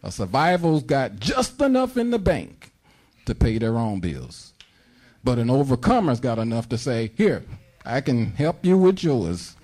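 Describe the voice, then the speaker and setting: Fervent preacher man, dark husky voice. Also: very animated, measured pace. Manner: fervent, acts out prayers in a high pleading voice. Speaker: pastor. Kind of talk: sermon.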